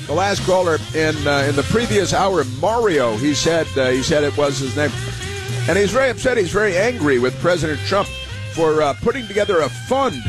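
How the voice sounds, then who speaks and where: A man's voice: fairly high pitch, expressive, fairly quick, music in the background. A man hosting a talk radio show, delivering a rambling political monologue full of uhs, sarcastic and scornful.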